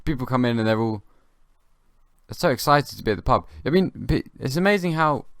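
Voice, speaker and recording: A young man hosting his own comedy podcast, rambling in a halting, dry way with many restarts. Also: mid-range voice, animated, fairly bright tone, dry recording. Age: young adult. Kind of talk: rambling comic monologue.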